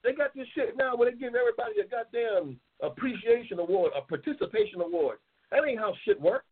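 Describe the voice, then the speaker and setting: A man's voice: very high-pitched, expressive, brisk, a little hiss or hum. Angry profane man on a tinny line. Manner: angry, profane, repetitive ranting. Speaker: talk show host. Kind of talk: profane ranting monologue. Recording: tinny phone-line audio.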